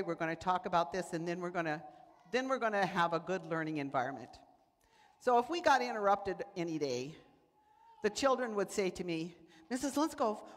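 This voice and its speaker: A woman giving a sermon, telling stories and acting out the voices of people in them. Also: mid-range voice. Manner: animated, acts out voices in quotes. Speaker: preacher. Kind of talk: sermon with storytelling. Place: church sanctuary. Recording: church hall reverb.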